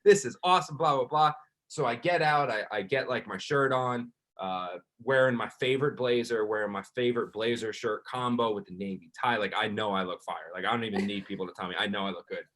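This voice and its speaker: A man co-hosting a sports podcast, telling a long story in an animated, rambling way, with lots of "like". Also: fairly low pitch, brisk, few pauses. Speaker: podcast co-host and sports reporter. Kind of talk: casual chat, storytelling.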